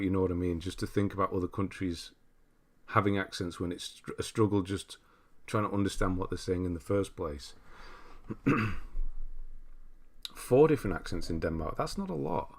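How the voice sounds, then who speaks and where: A man's voice: lowish voice, gravelly. An English man from England hosting a livestream, chatting casually and reading viewer comments aloud with easy laughs and restarts. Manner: chatty, easygoing, laughs often, frequent restarts. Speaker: livestream host.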